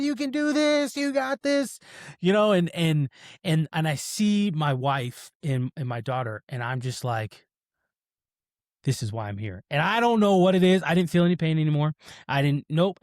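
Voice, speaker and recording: Guy in his 30s on a podcast, acts out his own thoughts, preachy about faith, slightly high voice. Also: a little mellow, no room sound, clean studio sound. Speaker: podcast host. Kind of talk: casual chat.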